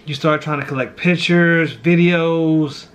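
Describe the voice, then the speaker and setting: A man's voice: a little high, fairly even intonation, unhurried, fairly bright tone. A man who grew up in St. Louis, a pastor and vlog host, talking heartfelt and reflective in a casual chat, often saying "man" and "you know".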